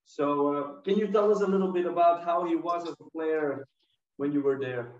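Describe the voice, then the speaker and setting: A man's voice: fairly high pitch, moderate pace, a little mellow, slight background noise. Belgian-accented man on a distant call. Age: 30s. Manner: polite, hesitant with many fillers. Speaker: podcast host. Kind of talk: interview questions. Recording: distant, roomy, dull call audio.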